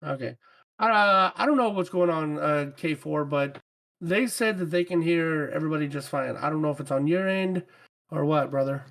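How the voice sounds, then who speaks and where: Gravelly laid-back podcast co-host. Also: male voice, on the high side, moderate pace, a bit bright. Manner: laid-back, slangy, says "bruh" and "y'all". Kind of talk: casual chat. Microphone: headset.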